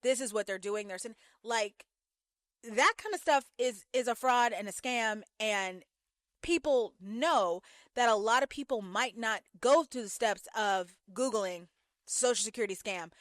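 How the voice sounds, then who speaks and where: A young woman with a fairly high voice talks straight to camera in a casual commentary vlog. She tells her stories in an animated way, her pitch leaping up as she makes a point. The sound is dry and close, with almost no room around her. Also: no echo. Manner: animated storytelling with sudden pitch jumps. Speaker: YouTube commentator.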